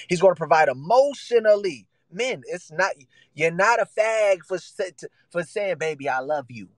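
A man's voice: sits high, no room sound, low-quality recording. A man preaching a sermon in casual vernacular, emphatic and repetitive, acting out the voices he quotes.

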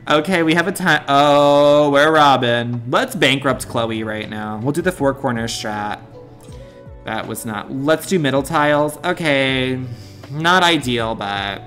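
A man streaming a mobile game, doing playful, over-the-top excited commentary in the manner of a mock sponsored ad. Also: mid-range voice, a little slow, faint music behind.

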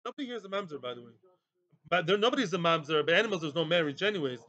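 A man teaching a daily Talmud class in mixed with Hebrew and Aramaic terms, with a lively, joking way of explaining. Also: on the high side, very fast, highs cut off.

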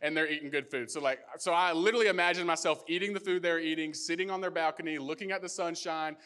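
A young male pastor delivers a sermon as a personal story. His voice sits a little high for a man, and he talks in a loose, animated, conversational way, with frequent fillers. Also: fast talker, smooth.

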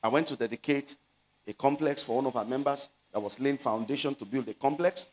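A middle-aged man with a Nigerian Yoruba accent, preaching a sermon as a pastor, stretching out scripture words and building to loud exhortations. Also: mid-range voice. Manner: slows to stress scripture phrases.

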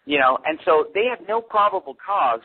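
A pastor as a radio interview guest, telling a story in an animated way and quoting the people he met. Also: sits high, moderate pace, slightly rough. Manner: animated storytelling with quoted dialogue. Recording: tinny phone line.

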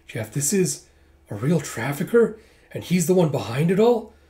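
A man reading a manga aloud and voicing a poised, sharp-witted young woman. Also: fairly high pitch, big pitch swings, moderate pace. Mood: composed. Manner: poised, polite.

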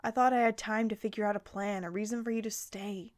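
A woman reading the lines of a young heroine in a soft, hesitant voice. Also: medium pitch, steady tone, brisk, no echo, studio quality, close to an everyday voice. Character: young woman, cheerful then saddened heroine.

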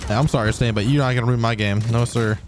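A man's voice: medium pitch, fairly even intonation, fast. A man streaming a shooter game, taunting other players over voice chat and laughing between fights. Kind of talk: casual gameplay commentary. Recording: game gunfire and noise behind the voice.

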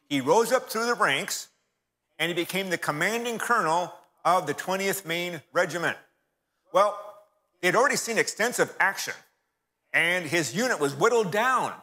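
Bright-voiced man in a reverberant church. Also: on the high side. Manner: storytelling, addresses audience as folks. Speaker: church speaker. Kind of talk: history talk from the pulpit. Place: church hall.

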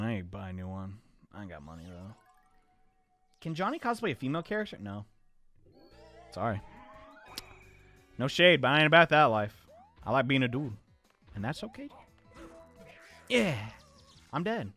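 A young man streaming a platform game live, chatting with viewers and yelling at his mistakes. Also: medium pitch. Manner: animated, chatty, answers chat, swings to yelling at the game. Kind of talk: live gameplay commentary.

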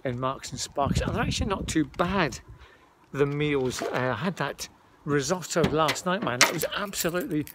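A man's voice: on the high side, lively intonation, normal speed, background noise. A man rambling casually to his viewers, calling them folks, while walking outdoors and filming on a handheld phone. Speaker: vlogger. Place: outdoors, walking around town.

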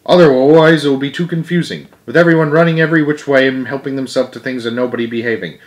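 A man reading a storybook aloud, voicing a small, earnest mouse who acts as a solemn, fair-minded teacher, in a lively, emphatic voice. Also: fast talker, close to an everyday voice. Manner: lively, emphatic, higher and louder than his narration.

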